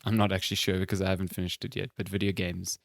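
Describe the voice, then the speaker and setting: Podcast guy rambling and joking, low voice, dry close mic. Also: level tone, racing, vocal fry, dry recording. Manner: joking, rambling, acts out what his cats think. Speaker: podcast co-host. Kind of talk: casual chat.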